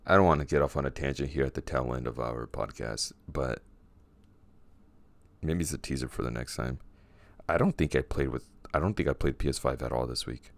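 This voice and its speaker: A man hosting a casual podcast, recapping a story in a teasing, deliberate way. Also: a bass voice, creaky, no echo. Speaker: podcast host.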